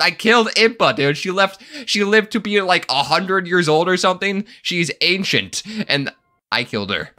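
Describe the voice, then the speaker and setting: A man commenting over his own gameplay, excitable and jokey, laughing often. His voice is bright and forward, and his pitch leaps about constantly. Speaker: gaming YouTuber. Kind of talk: let's-play commentary.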